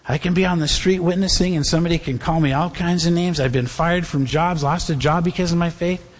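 A male pastor preaching in a loose, conversational way, joking with the congregation and speaking straight to them. His voice sits high for a man, and a long hall reverb trails after every phrase. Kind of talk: sermon.

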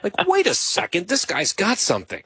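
Teasing male host with a bright voice. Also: high-pitched, huge pitch swings, moderate pace, husky, dry recording. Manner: dry, teasing humor. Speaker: talk show host. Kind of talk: casual banter.

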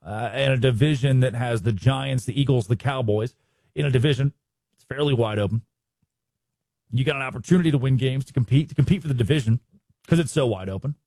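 A man hosting a sports talk show, giving animated, opinionated commentary and mocking the people he talks about. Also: medium pitch, brisk, no echo. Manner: animated, mocking impressions of others.

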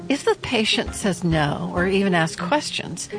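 Female radio host, scripted narration, measured delivery, animated pitch, soft music bed.

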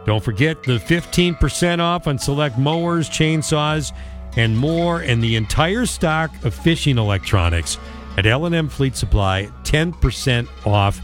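A man's voice: fairly high pitch, lively intonation, measured pace. Man, radio co-host, casual, dry humor, faint music behind. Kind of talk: casual radio chat and ad reads.

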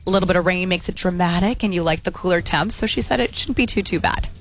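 An upbeat female weather presenter on a morning radio show, laughing easily as she chats with the hosts. Her voice sits slightly low, and there is faint music behind her. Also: fast talker, fairly bright tone, poor audio. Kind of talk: radio weather report and chat.

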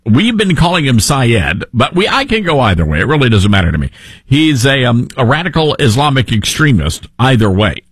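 Talk radio host, male, husky, lively, emphatic, dry close mic. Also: mid-range voice, no echo. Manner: animated, emphatic, with frequent restarts. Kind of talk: opinionated talk radio monologue.

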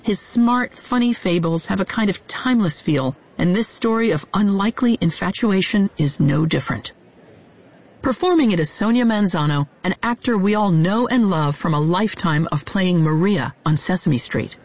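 A woman's voice: mid-range voice, animated, normal speed, darkish tone. A woman host giving a scripted introduction to a story reading.

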